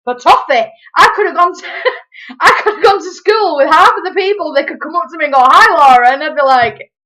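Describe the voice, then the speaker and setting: A young woman telling a story to camera in a chatty, animated way. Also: extremely high pitch, low-quality recording. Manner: animated, chatty, quick asides. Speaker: vlogger. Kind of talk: casual storytelling.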